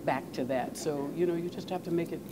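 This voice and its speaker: A woman's voice: deep voice, fairly quick, noisy background. An older woman, an actress guest, answering interview questions in an earnest way, often repeating words as she thinks.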